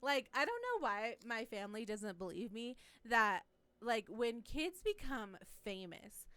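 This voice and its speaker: A young woman podcast co-host, her voice a little high and smooth, speaks at a measured pace with no echo. In a room where the hosts watch TV, she tells stories animatedly, laughing and swearing throughout the casual chat.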